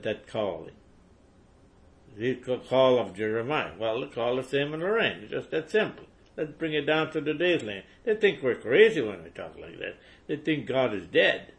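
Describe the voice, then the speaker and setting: A man reads scripture aloud in a medium-pitched voice and stops often to preach about it. His delivery is impassioned, with repeated words and steady climbs to forceful emphasis. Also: vocal fry. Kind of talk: scripture reading with fervent commentary.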